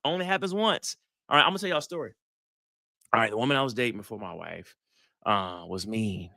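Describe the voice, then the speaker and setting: Gravelly middle-aged man telling stories. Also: fairly low pitch, fast talker, dry recording, clean studio sound. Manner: animated storytelling, acts out dialogue, asks the crowd questions. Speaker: psychologist giving relationship advice. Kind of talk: live talk to an audience.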